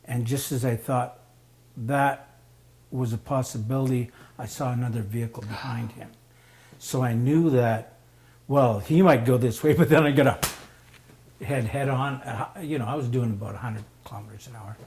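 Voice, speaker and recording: A man telling a story in a casual spoken way. He gets animated, acts out the voices of the people he quotes, and laughs often. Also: mid-range voice, normal speed, a little hiss or hum. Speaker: storyteller guest.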